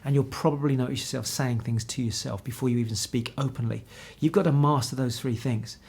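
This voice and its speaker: Man in his fifties, husky voice, motivational coach, energetic direct address, indoor room. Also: medium pitch, brisk. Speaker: confidence coach. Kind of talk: motivational talk to camera. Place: indoor room with pictures on the wall.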